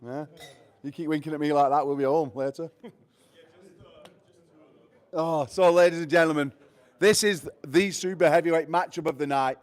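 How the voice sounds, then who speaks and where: A brash man hosts a press conference and hypes up the fighters in a noticeably high voice. He jokes and swears freely while he banters with the guests. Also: darkish tone. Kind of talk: hype introductions and banter.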